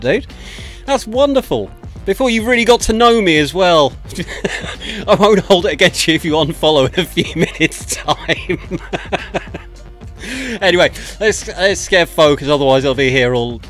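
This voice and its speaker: A man's voice: a little high, fairly bright tone. A man hosting a livestream, chatting casually and self-deprecatingly as he greets viewers one by one, close to a desk microphone. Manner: chatty, self-deprecating, frequent laughs and thank-yous. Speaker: livestream host. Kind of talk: casual chat to stream viewers.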